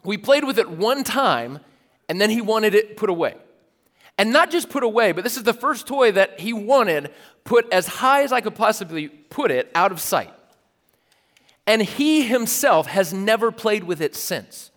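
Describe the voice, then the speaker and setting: Guy in his 30s preaching, super chatty and animated, kinda high voice, sound rings out in a big church hall. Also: a little slow. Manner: chatty, animated, self-amused, many "like" fillers. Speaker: pastor. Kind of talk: conversational sermon storytelling. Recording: long reverb of a large hall.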